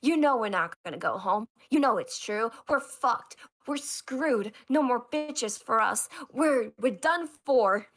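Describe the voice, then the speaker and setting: A woman's voice: fairly high pitch, animated, unhurried, hardly any pauses, fairly bright tone, exaggerated voice. A woman voicing a mutinous male sailor who makes heated, stammering accusations in a tabletop role-play. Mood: hopeless.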